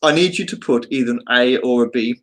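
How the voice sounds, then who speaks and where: A man's voice: mid-range voice, brisk, rough recording. A man with a Birmingham accent chatting casually to his live-stream viewers, rambling and joking with many fillers. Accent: Birmingham English. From England.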